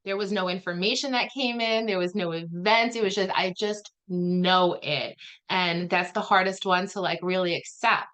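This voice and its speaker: A woman's voice: on the low side, normal speed, fairly bright tone. A woman healer chatting loosely about a healing session, rambling with lots of "like" fillers. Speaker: spiritual healer guest. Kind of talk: casual chat explaining a healing session.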